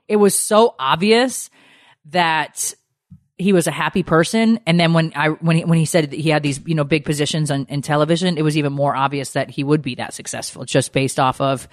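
A middle-aged woman telling a story in casual chat, animated, swearing freely and acting out what people said. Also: sits low, a little fast, no room sound, studio quality. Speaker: podcast host.

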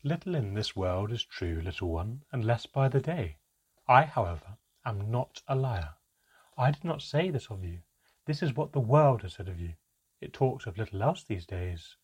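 A man voicing a calm, aloof female elf in an audiobook, speaking in a measured way with deliberate pauses and a husky voice. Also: lowish voice. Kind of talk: audiobook character reading.

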